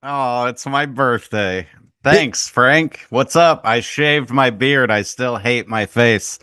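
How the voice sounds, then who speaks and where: A male guest on a livestream chats in a slow, laid-back way with wry humor. His voice is smooth and clear, and it sounds close and dry. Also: medium pitch, pushed and bright, dry recording. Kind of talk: casual chat.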